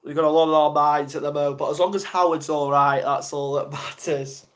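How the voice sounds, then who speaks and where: A man's voice: fairly high pitch, little pitch movement, brisk, slight background noise. Flustered young man on a live stream. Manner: flustered, rambling, self-mocking. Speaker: ASMR livestreamer. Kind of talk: casual live stream chat.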